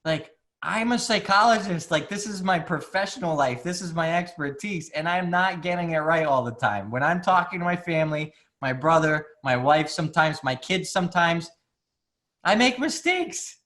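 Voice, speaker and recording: A man with a notably high-pitched voice speaks in an easygoing, candid way. He is a psychologist chatting in conversation, often restarting his sentences and leaning on "like". He sounds open and unguarded. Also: expressive, moderate pace, a bit bright. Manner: candid, filler-heavy, many restarts and "like". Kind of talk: casual conversation.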